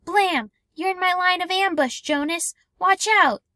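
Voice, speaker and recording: A woman voicing an eager young boy who shouts excitedly during a game. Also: very high-pitched, a little slow, no echo, pitched above the performer's own voice, exaggerated voice. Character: eager young boy playing war games.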